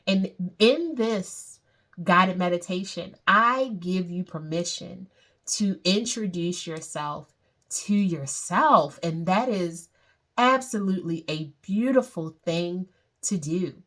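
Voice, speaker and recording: Woman, meditation guide, unhurried delivery, lowish voice, soothing and repetitive. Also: fairly bright tone. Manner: slow, soothing, repeats phrases.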